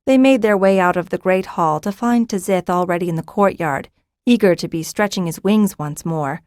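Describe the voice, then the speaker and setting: Audiobook narrator, female, measured and even, dry studio read. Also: on the low side, dry recording. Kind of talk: scripted narration.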